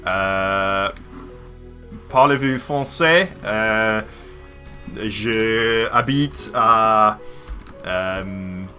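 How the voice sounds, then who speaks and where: A man putting on a mock French accent, playing a caricatured Frenchman who speaks very slowly in hesitant, broken phrases. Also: on the low side, pushed and bright, faint music behind, heavily acted.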